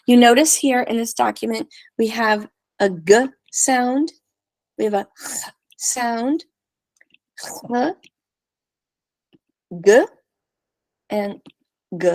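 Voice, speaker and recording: Woman, language teacher, repeat-after-me drills, deliberate, dry close sound, slightly high voice. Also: no echo. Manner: slow, deliberate drilling of syllables. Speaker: Spanish teacher.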